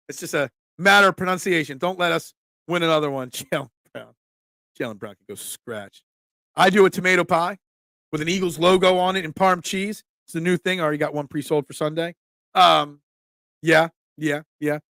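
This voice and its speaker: A middle-aged man with a thick Delco accent from the Philadelphia area, hosting a casual live chat in a blunt, rambling way. His voice sits a little high and carries a gravelly edge. The sound is dry and close, with no room around it. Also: bright, forceful tone, dry recording. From Delaware County, Pennsylvania. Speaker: host, pizza shop owner.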